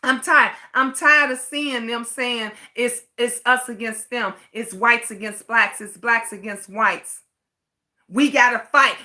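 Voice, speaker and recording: A woman's voice: on the high side, bright, forceful tone. A middle-aged woman hosting a livestream. She rants with passion, repeats her points and swears freely while reading out viewer comments. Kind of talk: impassioned livestream rant.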